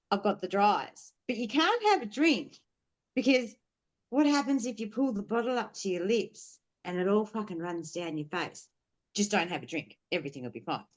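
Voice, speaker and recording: A woman speaks as a podcast guest, telling a personal story openly. She is blunt and swears freely, rambling with plenty of fillers in a somewhat low voice. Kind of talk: candid storytelling conversation.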